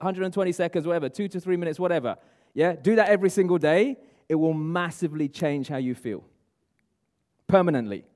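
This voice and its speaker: A man giving a lively motivational seminar talk, asking the room and viewers at home questions. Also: high-pitched. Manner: energetic, coaching, asks the audience questions. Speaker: motivational speaker. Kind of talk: live seminar talk to room and online audience.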